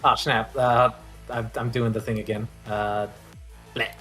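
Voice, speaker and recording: Halting male game master over music. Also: mid-range voice. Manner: relaxed, halting, with fillers and restarts. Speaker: dungeon master. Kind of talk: narrating a tabletop game.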